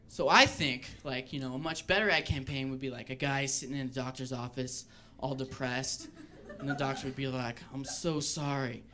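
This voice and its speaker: A man doing a stand-up routine on a club stage, wry and deadpan with rambling asides. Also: medium pitch, a little fast, a little hiss or hum. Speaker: stand-up comedian.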